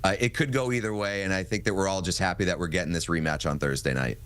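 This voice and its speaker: A man's voice: deep voice, a bit bright, smooth. An American man giving sports analysis as a hockey analyst in an interview, talking it through with fillers. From United States. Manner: measured, thinks aloud with fillers.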